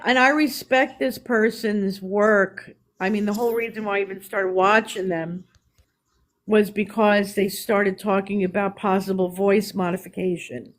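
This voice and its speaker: A woman with a New York accent hosts a live stream, speaking in a mid-range voice over a rough recording. She chats candidly and casually, restarting sentences and laughing as she goes.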